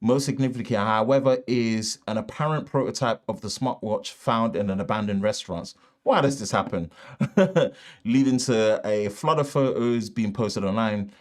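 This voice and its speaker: A man's voice: lowish voice, moderate pace. A man with a Northern English accent hosting a live tech show, reading the news loosely with asides and restarts, recorded on a shotgun mic in a treated home studio. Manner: casual, rambling, reads news with asides and restarts. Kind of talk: live-stream tech chat.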